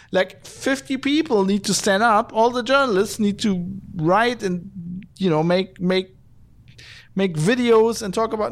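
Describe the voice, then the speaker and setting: A man's voice: high-pitched, normal speed. A man hosting a podcast, ranting in exasperated, profane bursts full of restarts and fillers. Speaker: podcast host.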